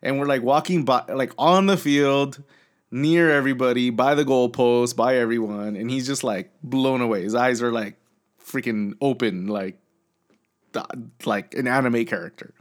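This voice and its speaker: A man's voice: medium pitch, moderate pace. A man, co-hosting a casual podcast chat and telling a long story full of fillers and restarts, acting out what people said. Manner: rambling storyteller, acts out quotes, many fillers and restarts.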